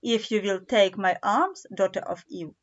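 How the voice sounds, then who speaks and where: A woman's voice: mid-range voice, measured pace, highs cut off, lightly acted. A woman voicing a polite, nervous male faun who speaks formally and hesitantly. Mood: inviting.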